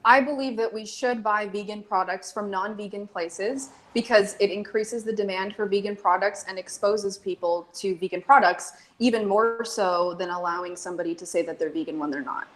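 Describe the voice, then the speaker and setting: A woman joining a casual online panel chat from a cafe, quick-witted and easy to laugh. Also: mid-range voice, fairly even intonation. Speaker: panel guest.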